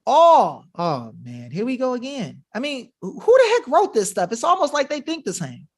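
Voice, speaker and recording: A man hosts a webinar in a very high-pitched voice that swoops wildly, speaking at normal speed. His fiery, casual livestream talk to viewers is emphatic, combative, and full of slang.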